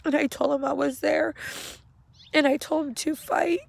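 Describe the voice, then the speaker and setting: A middle-aged woman slowly and haltingly retelling a painful memory, speaking outdoors. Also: sits high, fairly even intonation, vocal fry, dry recording. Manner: slow, halting, emotional retelling. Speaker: grieving mother. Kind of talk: personal storytelling vlog. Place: outdoors at a cemetery.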